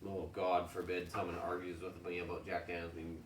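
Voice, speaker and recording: A man's voice: low voice, completely flat delivery, fairly quick, roomy sound, far from the mic, a little hiss or hum. A man co-hosting a whisky tasting, talking casually and jokingly with lots of filler words. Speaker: whisky reviewer, co-host.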